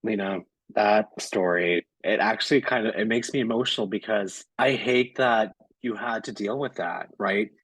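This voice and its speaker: A man's voice: fairly low pitch, normal speed, few pauses, a bit bright, husky, no echo, low-quality recording. A man hosting an interview, responding to his guest in a sympathetic, reassuring way. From Los Angeles. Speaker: interview host, project manager. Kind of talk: supportive interview chat.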